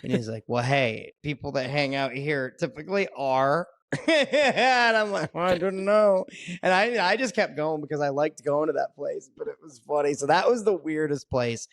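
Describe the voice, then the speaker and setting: Profane, laughing comedian telling stories. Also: male voice, on the high side, normal speed, fairly bright tone, dry recording. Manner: laughs often, swears freely. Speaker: stand-up comedian guest. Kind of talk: casual profane storytelling.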